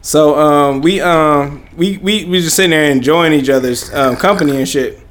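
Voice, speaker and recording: A man's voice: on the high side, moderate pace, a bit bright. Profane young man telling a story. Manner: profane, rambling, laughing storyteller. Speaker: podcast host. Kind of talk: casual storytelling.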